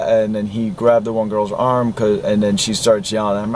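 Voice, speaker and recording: A man's voice: fairly low pitch, little pitch movement, normal speed, hardly any pauses, darkish tone, slight background noise. Profane, indignant man ranting about a film. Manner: profane, indignant, repeats himself. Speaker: vlogger reviewing a film. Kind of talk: angry film rant.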